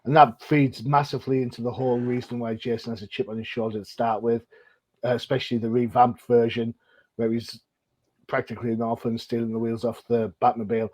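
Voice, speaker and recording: A man hosts a casual comic-book podcast in a rambling, chatty way, restarting his sentences often. His voice sits at an ordinary middle pitch. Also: level tone, a little fast, darkish tone, low-quality recording. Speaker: podcast host.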